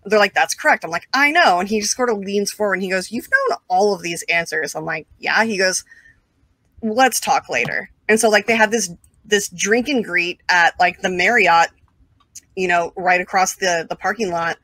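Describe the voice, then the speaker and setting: Woman guest, casual storyteller, animated with lots of filler words; mid-range voice, dry close recording. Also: mid-range voice, no echo. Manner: animated, filler-heavy, quick asides and laughs. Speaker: interview guest.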